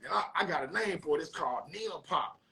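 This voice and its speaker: A man with a St. Louis accent, a rapper, telling a story in a debate, profane and animated, acting out quotes loudly. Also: a little high, fast talker, gravelly.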